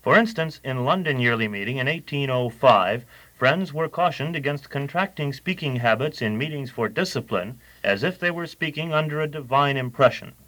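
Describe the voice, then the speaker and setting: A man giving a measured, scripted explanatory narration. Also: mid-range voice, lively intonation, fairly bright tone, rough recording.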